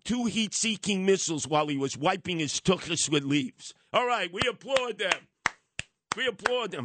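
A male talk radio host, delivering a sarcastic, animated opinion monologue. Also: high-pitched, background noise. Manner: animated, sarcastic, slips into mocking voices.

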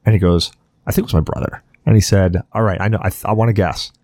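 A man with a fairly low voice hosts a casual podcast, rambling through stories with plenty of swearing. His voice sounds dry and close, with no room sound around it. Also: steady tone, quick pace, darkish tone, dry recording. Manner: rambling, profane storytelling. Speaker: podcast host.

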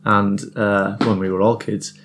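A man's voice: fairly low pitch, flat delivery, a bit bright, a little hiss or hum. Upbeat male podcast co-host. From Middlesbrough area. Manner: upbeat storytelling, quick to laugh. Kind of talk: casual podcast chat.

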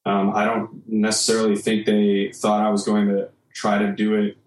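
A man's voice: fairly low pitch, completely flat delivery, moderate pace. A man from Michigan, a guest musician, chatting casually and rambling with a self-deprecating streak. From Michigan, United States. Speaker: guest musician, singer and guitarist. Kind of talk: casual podcast conversation. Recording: roomy echo.

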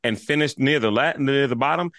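A man co-hosting a casual golf podcast, lively and expressive as he riffs on golf habits. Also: medium pitch, brisk, no room sound. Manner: lively, swings between dry asides and excited outbursts. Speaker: podcast co-host.

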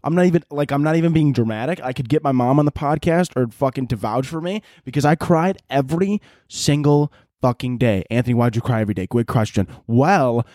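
A man's voice: fairly high pitch, lively intonation, brisk, few pauses, darkish tone, dry recording, studio quality. A young man hosting a solo podcast, telling rambling, profane stories with frequent laughter and sometimes out of breath. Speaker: podcast host.

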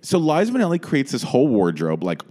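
A man hosting a podcast, telling a story in a rambling, animated way with frequent restarts, in a small podcast room. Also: medium pitch, fast talker. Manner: rambling, animated, lots of restarts and self-interrupting. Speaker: podcast host. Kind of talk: casual storytelling chat.

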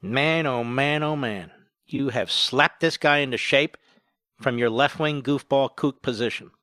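Bright, sarcastic talk-radio man. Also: mid-range voice, no room sound. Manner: sarcastic, mocking, swings loud and quiet. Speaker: radio talk show host. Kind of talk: mocking talk-radio commentary.

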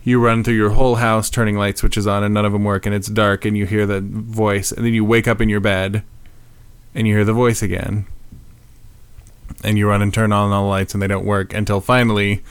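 A man chats on a podcast in a low, smooth voice, recorded close and dry with no room sound. He tells his stories with animation and drops casual swears along the way. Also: level tone, a little fast, no room sound. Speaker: podcast co-host. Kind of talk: casual chat.

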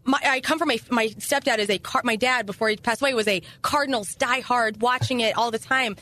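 Brief: animated, chatty woman from St. Louis, guesting on a podcast. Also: a little high. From St. Louis, USA. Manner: animated, chatty, quick asides. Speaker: radio personality, podcast guest. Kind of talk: casual podcast chat.

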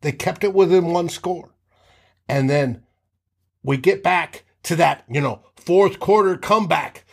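A man hosting a casual sports talk show, telling game stories with animated re-enactments of players' shouts. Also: a little high, a little slow, gravelly, husky. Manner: animated, acts out players' shouts mid-story.

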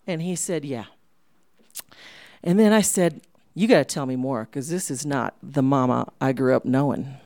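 Woman storyteller, live venue, animated delivery with whispered asides, dry sound. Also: a bass voice, moderate pace, dry recording. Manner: animated, drops to whispers for effect.

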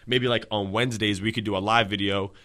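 A man co-hosting a casual podcast in a fairly low voice. He talks in a laid-back, easy way and fills his sentences with "like" and "you know". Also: fairly even intonation, fast, sharp tone. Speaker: podcast co-host.

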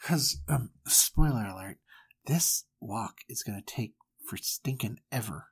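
Podcast co-host, from Florida, jokey, casual, lively pitch, laughs easily. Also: slightly rough. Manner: animated, jokey, quick to laugh. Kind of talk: comic Bible retelling, casual chat.

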